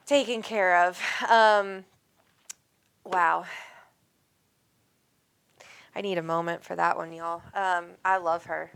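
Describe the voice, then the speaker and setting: A woman's voice: fairly low pitch, fairly bright tone, clear, resonant tone. A woman hosting a live call-in psychic reading, talking in an affectionate, rambling way and calling the caller sweet names. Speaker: psychic medium host.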